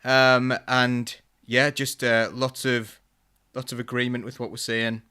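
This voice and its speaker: A man hosting a live-streamed political panel, chatty and relaxed as he reads out viewer comments. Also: medium pitch, measured pace, smooth. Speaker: host.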